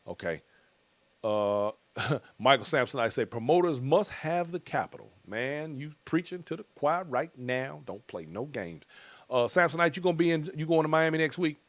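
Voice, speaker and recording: A man's voice: medium pitch, expressive, normal speed, fairly bright tone, dry recording. A middle-aged male host in loose, joking casual chat, reading out viewer comments and chuckling often.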